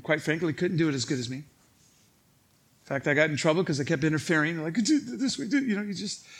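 Pastor guy with a high bright voice, storytelling in his sermon, doing other people's voices and laughing along. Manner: animated storytelling, acting out others' lines; laughs at his own stories.

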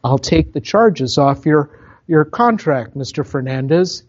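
A man with a Minnesotan accent quoting a polite female customer service agent, speaking slowly and flatly, with a slightly lower voice than his usual one. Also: highs cut off.

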